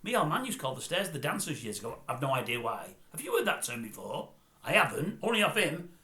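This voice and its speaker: Grumpy man, bright and roomy. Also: a little high, sing-song, quick pace. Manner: grumpy, sarcastic, rambling. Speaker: comic host. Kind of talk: comedic celebrity gossip monologue. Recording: roomy echo.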